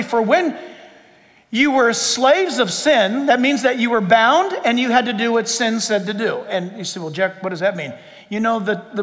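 High-voiced preaching pastor in a hall. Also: male voice. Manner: impassioned preaching, shouting at high points. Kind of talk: sermon.

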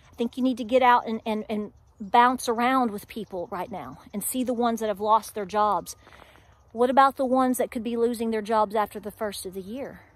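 A woman's voice: on the high side, no room sound. A middle-aged woman with an Appalachian accent, talking straight to her viewers in an emphatic, preachy way full of rhetorical questions. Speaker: homestead vlogger. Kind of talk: candid talk to camera.

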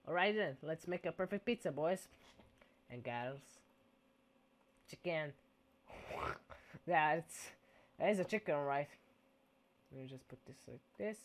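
A man's voice: on the high side, a bit bright. A man giving casual gameplay commentary in a goofy, playful way, dropping mock-Italian exclamations.

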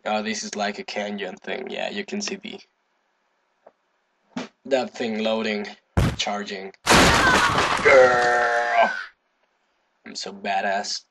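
A man giving casual gameplay commentary, excitable, swearing, humming to himself and breaking into sudden high yelps. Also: unhurried, gravelly, long pauses, heavy background noise. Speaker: gaming video host.

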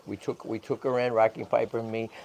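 Talking fast in a fairly low, level tone with vocal fry, a channel host and tortoise rescuer chats on a casual livestream. He keeps checking in with "right?" and "okay?" and coos softly to the baby squirrel he handles. A little hiss or hum sits under the audio.

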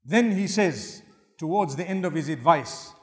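A male Islamic preacher giving a sermon lecture, earnest and humorous, swinging between loud emphasis and soft asides. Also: on the high side, lively intonation, a little slow. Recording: long hall reverb.

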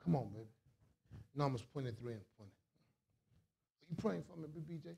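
A man preaching a sermon as a bishop, in a call-and-response style that swings from quiet asides to shouts. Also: medium pitch, expressive, normal speed, gravelly, husky.

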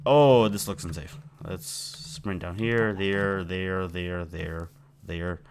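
A man's voice: low voice, takes it slowly, slight background noise. A man giving rambling, playful commentary while playing a video game and chatting to his in-game pet. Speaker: gameplay video host. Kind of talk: casual let's-play commentary.

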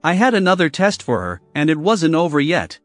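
Man narrating a revenge story, fairly high voice, bitter and even, dry booth sound with soft music. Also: a little fast, no echo. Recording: dry voice with faint music behind.

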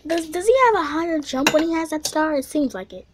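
A woman giving casual commentary over a video game, swinging between quiet mumbling and excited squeals and panicked shouts. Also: sits high, a little fast, noisy background. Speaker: gameplay video host.

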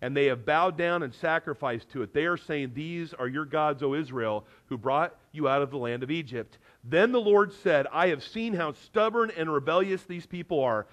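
A middle-aged man preaching a sermon in a church, earnest and conversational, his loudness swinging from near-hushed asides to emphatic bursts. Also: fairly high pitch. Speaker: pastor. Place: church sanctuary.

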